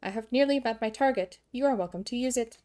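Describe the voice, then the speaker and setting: A woman's voice: fairly high pitch, fast talker, warm tone, faint music behind, natural voice. A woman reading the lines of a dutiful robot construct worker aloud in a formal, polite, matter-of-fact way. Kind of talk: reading game dialogue aloud.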